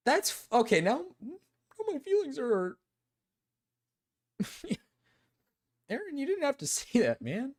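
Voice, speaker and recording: A man talking to his livestream chat in a loose, casual way. His pitch swings widely and lively as he goes, and he curses freely and keeps circling back to the same phrases. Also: a little slow, pauses often. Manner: animated, repeats himself, swears freely. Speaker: streamer reacting to chat.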